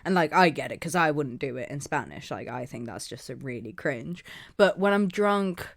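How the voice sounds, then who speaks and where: A woman with a fairly low voice chats casually as a podcast co-host, rambling and filling her stories with "like". She laughs often mid-sentence. The sound is close and dry. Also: animated, moderate pace, no echo. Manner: rambling, many "like" fillers. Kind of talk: casual chat.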